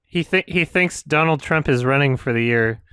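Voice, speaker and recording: A man's voice: on the high side, normal speed, sharp tone, clear, resonant tone, no echo, clean studio sound. A man from Canada hosting a stream, ranting casually with lots of swearing, restarts and disbelief. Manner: profane, incredulous, stammering restarts. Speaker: streamer host.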